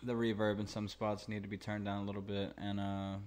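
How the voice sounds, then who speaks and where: Man, low voice, monotone, laid-back, thinking aloud, casual mixing tutorial. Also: fairly quick. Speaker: mixing engineer and channel host.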